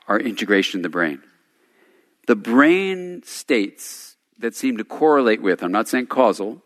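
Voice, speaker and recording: A man teaching at a day retreat, talking informally and telling stories with chuckling asides. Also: mid-range voice. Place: meditation center hall. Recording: long hall reverb.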